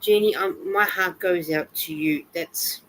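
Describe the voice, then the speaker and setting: A woman hosting a casual live chat from home while she knits, greeting viewers by name, reading their comments aloud, and adding soft sympathetic asides. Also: on the low side, unhurried, rough recording. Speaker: livestream host.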